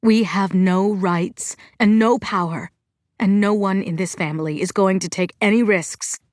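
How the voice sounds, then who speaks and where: A woman reading an audiobook, voicing a worried middle-aged mother with a firm, sharp-edged way of talking. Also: mid-range voice, a little slow, no echo, studio quality, lightly acted. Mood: stern. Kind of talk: audiobook character voice.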